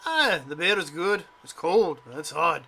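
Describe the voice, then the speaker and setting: A man's voice: on the high side, animated, a little slow, gravelly, crowd noise. A man voicing a jolly male dwarf who loves ale, with a hearty brogue. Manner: hearty brogue with "lass" and "lad".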